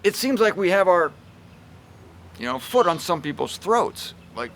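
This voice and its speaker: A man giving a casual, emphatic Bible teaching talk with a wry, lively delivery. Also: sits high, a little slow, creaky, a little hiss or hum. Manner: emphatic and wry, shifts pace and loudness a lot.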